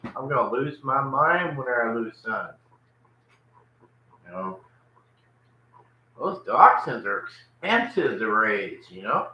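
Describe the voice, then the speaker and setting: A man's voice: mid-range voice, animated, slow, long pauses, sharp tone. A man, rambling casually on a live home vlog, chatting with his dogs between remarks. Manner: folksy Southern drawl, talks to his dogs in baby talk. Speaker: vlogger. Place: home kitchen and porch. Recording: echoey room with faint background noise.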